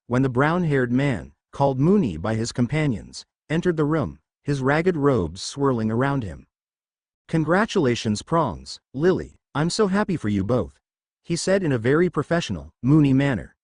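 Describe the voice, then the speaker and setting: A man narrating a fan fiction story aloud in an expressive storybook reading. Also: mid-range voice, no echo, studio quality.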